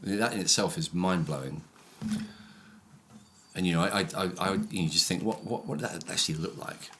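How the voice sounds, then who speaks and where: A man's voice: low-pitched, a bit bright, a little hiss or hum. A man, a church leader reflecting on a Sunday sermon in casual chat. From England, Brighton. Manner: reflective, explaining with slow emphasis.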